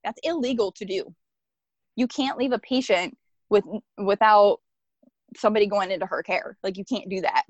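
A woman's voice: mid-range voice, moderate pace, no room sound. Woman, earnest storyteller, rambling, lots of "like", lo-fi sound. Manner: earnest, rambling, frequent "like" fillers. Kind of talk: personal storytelling. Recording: dull lo-fi dry recording.

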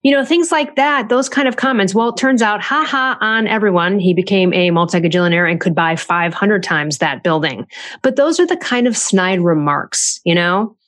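A chatty woman author talks through parenting advice in a loose podcast style. She sounds animated and conversational, and her pitch leaps up whenever she acts out what someone said. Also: normal speed. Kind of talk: casual podcast talk.

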